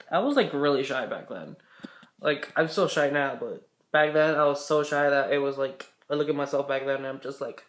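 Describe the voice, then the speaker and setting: A man's voice: a little high, moderate pace, reverberant. A young man vlogger telling a story casually, rambling and correcting himself, swearing now and then.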